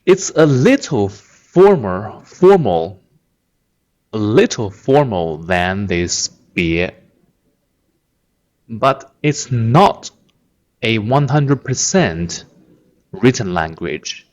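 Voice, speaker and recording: A man's voice: lowish voice, very animated, extremely slow, pauses often, a little mellow. A man whose first language is Chinese, teaching a language lesson patiently, repeating words with many fillers. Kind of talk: slow explanatory lesson.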